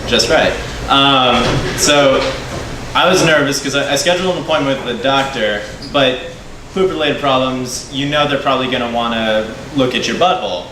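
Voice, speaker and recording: A man doing a stand-up set, hesitant and self-deprecating, with many pauses. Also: medium pitch, pushed and bright, roomy sound, a little hiss or hum, rough recording. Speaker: stand-up comedian.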